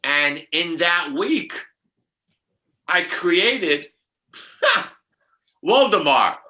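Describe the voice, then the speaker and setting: A man's voice: on the high side, takes it slowly, pushed and bright, low-quality recording. An older man, a numerologist guest, telling rambling spiritual stories with many restarts and laughs.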